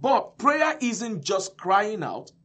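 A male preacher delivering a sermon, emphatic and repetitive, swinging between loud and soft. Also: sits high, big pitch swings, slow pace.

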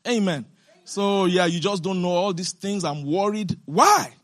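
A woman preacher delivering an emphatic sermon, asking the congregation question after question and breaking into shouts and laughter. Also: on the low side. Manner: asks the congregation rapid rhetorical questions.

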